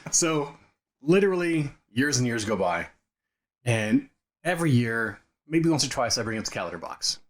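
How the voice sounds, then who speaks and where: A man co-hosting a podcast, telling childhood stories in a casual, animated way and acting out the quotes. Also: mid-range voice, moderate pace. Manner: animated storyteller, acts out quotes. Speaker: podcast co-host. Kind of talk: casual chat, storytelling. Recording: studio recording of modest quality.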